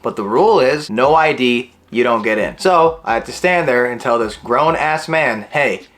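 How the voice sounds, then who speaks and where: In a laid-back vlog, an Illinois man in his twenties recounts a story and performs the dialogue with animation. He speaks at a normal speed in a mid-range voice.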